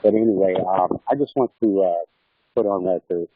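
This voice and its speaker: A man's voice: sits low, moderate pace, a little hiss or hum. A man speaking on a group call, hesitant and full of fillers, over muffled online audio. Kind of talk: casual chat.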